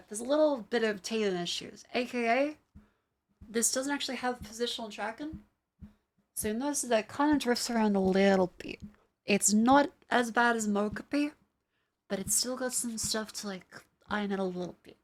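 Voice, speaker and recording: A young adult woman streamer chats casually and rambles during a live stream while testing tracking gear, using lots of fillers and some swearing. Her voice is a little high and her speed normal.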